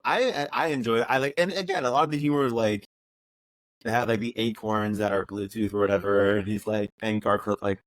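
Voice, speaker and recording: A man's voice: lowish voice, steady tone, dry recording. A man co-hosting a casual movie review podcast, telling stories enthusiastically and cutting himself off mid-sentence. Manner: rapid, enthusiastic, self-interrupting storytelling. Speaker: podcast co-host.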